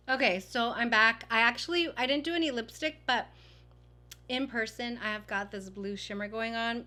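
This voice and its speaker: A woman's voice: fairly high pitch, fairly bright tone. A woman talking casually through a makeup tutorial, gushing and chatty with lots of fillers. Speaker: beauty vlogger.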